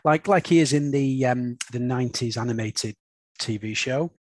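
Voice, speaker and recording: A man's voice: medium pitch, normal speed, darkish tone, no room sound. A man, a father, hosting a casual comics review podcast and often ending his points with tag questions like "isn't it?". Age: young adult or middle-aged, a father. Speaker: podcast host.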